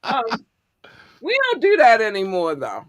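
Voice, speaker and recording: A woman's voice: on the high side, huge pitch swings, a little slow, dry recording, studio quality. A woman co-hosting a podcast in casual chat, effusive and affectionate, laughing often as she talks to listeners. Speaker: podcast co-host.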